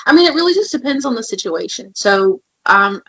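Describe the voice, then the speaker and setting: A woman's voice: on the high side, big pitch swings, a little fast, bright, forceful tone, slightly rough, low-quality recording. A woman co-hosting a podcast in casual chat, telling candid, emotional stories. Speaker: podcast co-host.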